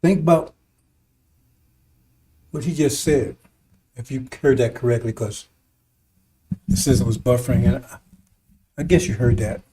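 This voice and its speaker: A man's voice: mid-range voice, a little slow, long pauses, mellow, distant mic, a little hiss or hum. A man preaching to a congregation in a rambling commentary, stumbling over and repeating words, chuckling between points and often asking "see?". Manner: chuckles between points, turns emphatic at times. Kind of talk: rambling sermon-style commentary.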